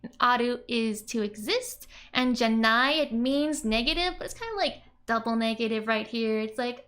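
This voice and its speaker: A woman's voice: on the high side, measured pace, a bit bright. A woman teaching a language lesson in a casual, chatty way, laughing often as she explains. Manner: giggly, chatty, frequent laughs. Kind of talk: casual lesson narration over screen.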